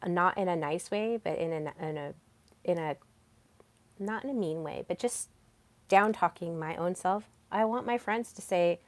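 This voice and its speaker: A woman's voice: on the low side, moderate pace, no echo. A young woman hosting a solo self-help podcast, talking in an earnest coaching tone with plenty of fillers. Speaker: podcast host.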